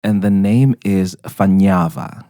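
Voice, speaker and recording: A man's voice: deep voice, steady tone, slow, mellow. A man hosting a podcast, chatting casually with a guest, playful and teasing, laughing often. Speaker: podcast host. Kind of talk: casual interview chat.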